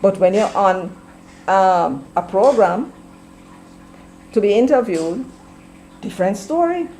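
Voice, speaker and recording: A woman's voice: mid-range voice, lively intonation, slow pace, warm tone, a little hiss or hum, low-quality recording. A woman with a Jamaican accent hosting an opinionated commentary stream, emphatic and mixing patois into her English. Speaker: commentary show host.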